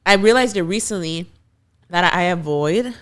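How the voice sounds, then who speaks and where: A woman's voice: on the low side, animated, normal speed. Chatty pregnant young woman co-host. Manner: chatty, lots of "like", addresses viewers. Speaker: podcast co-host. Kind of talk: casual chat. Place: studio.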